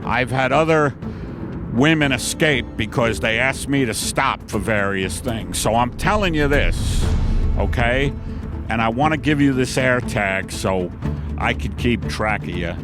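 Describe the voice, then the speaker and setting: A man voicing a chatty male serial killer truck driver with a casual, matter-of-fact menace, with music clearly behind. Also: mid-range voice, animated, a little slow, voice pushed down, close to an everyday voice.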